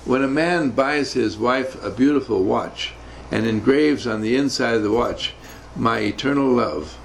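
Older man, gravelly voice, emphatic, repetitive, motivational storytelling. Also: mid-range voice, unhurried, slight background noise, poor audio. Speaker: speaker recounting navy service.

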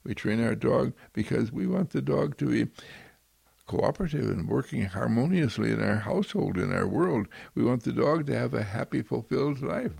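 A man giving a gentle, inspirational spiritual talk, repeating soft and loving affirmations. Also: medium pitch, expressive, normal speed, gravelly, breathy edge, no echo.

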